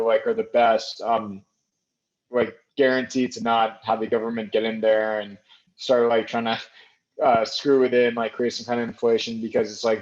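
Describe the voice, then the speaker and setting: A man's voice: medium pitch, a little mellow. A man speaking as a podcast guest in casual conversation, hesitant, with many fillers and restarts, heard over a remote call. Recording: muffled remote audio.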